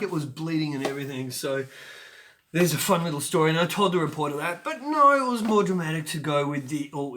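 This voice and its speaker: A man in his forties hosting his own show, telling a personal story in a chatty, animated way with sudden loud bursts. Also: mid-range voice, noisy background. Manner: animated, acts out scenes with sudden loud outbursts; chatty with frequent fillers and restarts. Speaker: show host.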